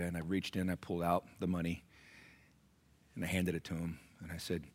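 A middle-aged man, a pastor, preaching a sermon that moves between quiet storytelling and loud, high-pitched exhortation. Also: little pitch movement, moderate pace, long pauses, breathy edge.

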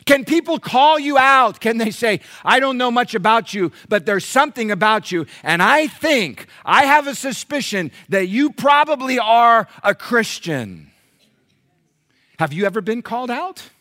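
A man's voice: very high voice, animated, unhurried, sharp tone. A male pastor preaching a sermon to his congregation, mixing rhetorical questions with humorous personal stories. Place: church before a congregation.

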